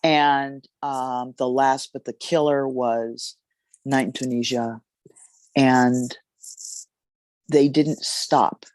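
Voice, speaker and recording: A jazz singer, a woman, telling a story in an interview in an expressive, halting way with fillers. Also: rumbling low, no echo.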